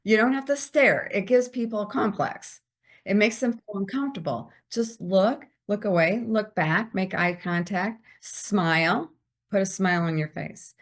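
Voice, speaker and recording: A woman speaking as a podcast guest, giving lively career advice and acting out bits of small talk. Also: medium pitch, a little slow. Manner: animated, acts out quoted small talk. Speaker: guest, visibility strategist.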